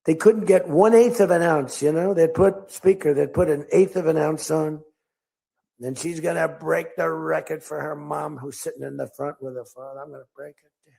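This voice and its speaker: An older political speaker addresses a crowd in a rambling, off-script way, telling stories and acting out quoted lines in other voices. His voice is on the high side, steady, moderately paced, and creaky, mellow and husky in texture.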